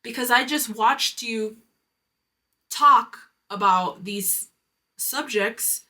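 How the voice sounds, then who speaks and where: A woman quoting a kind older woman who gently encourages her, in a soft, earnest way. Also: fairly high pitch, drawn-out words, full character voice.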